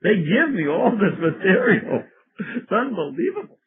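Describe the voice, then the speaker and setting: A man's voice: sits high, big pitch swings, normal speed. A man, a priest, giving a wry, storytelling lecture and laughing at his own anecdotes. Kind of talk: sermon-like lecture. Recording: tinny phone-like lo-fi recording.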